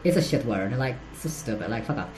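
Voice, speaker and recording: Low-voiced woman rambling crude gossip, giggles a lot, bit of faint hiss behind. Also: lively intonation, fairly quick, a little mellow, rough recording. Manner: crude, giggly, rambling with many fillers and restarts. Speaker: podcast host. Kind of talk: rambling solo commentary on celebrity gossip.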